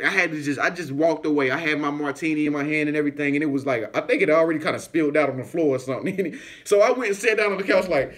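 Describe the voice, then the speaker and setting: A man's voice: a little high, fast, hardly any pauses. A man vlogging casually, telling a rambling party story with lots of fillers and acted-out voices. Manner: animated, acts out voices in anecdotes, frequent fillers. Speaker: YouTuber.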